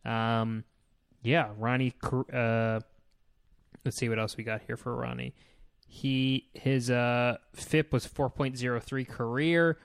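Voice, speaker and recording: Man, podcast co-host, laid-back, deadpan jokes, few beers in, mid pitch. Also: smooth, no room sound. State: tipsy from beer. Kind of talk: casual chat.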